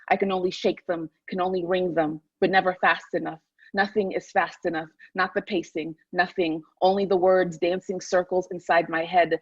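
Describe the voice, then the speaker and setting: Woman author reading slowly. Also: fairly low pitch, husky, no echo, dull audio. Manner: measured, deliberate reading with a slowed pace. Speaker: author and guest. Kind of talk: conversation and reading from her own memoir.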